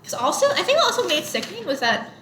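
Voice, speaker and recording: A young woman co-hosting a podcast talks about a movie in an extremely high, sing-song voice, rapid-fire and fairly bright. She retells scenes casually, leaning on "like" a lot. The room sounds spacious, with faint noise behind her.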